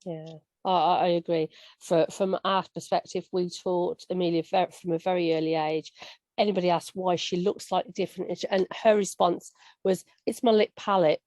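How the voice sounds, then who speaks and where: Mum hosting a panel, dark voice. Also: female voice, fairly low pitch, steady tone, normal speed, dry recording. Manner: earnest, conversational with restarts. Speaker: panel host, parent. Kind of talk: live panel discussion.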